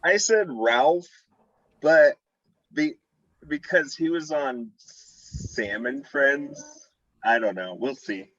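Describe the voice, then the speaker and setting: A man answering trivia questions in an easygoing, relaxed way. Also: mid-range voice, takes it slowly, long pauses, dry recording, dull audio. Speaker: quiz contestant. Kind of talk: casual chat on video call.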